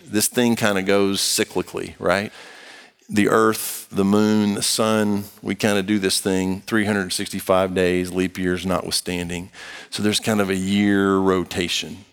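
A man's voice: fairly low pitch, fairly even intonation, a little slow, clear, resonant tone, in a large hall. A man preaching a sermon and reading scripture aloud, talking to the congregation in an emphatic, conversational way with playful acted-out asides. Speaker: pastor.

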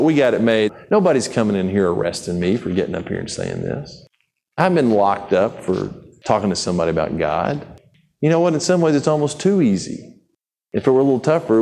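A man preaching a sermon in a conversational, animated way, acting out the people he quotes in his own voice. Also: mid-range voice.

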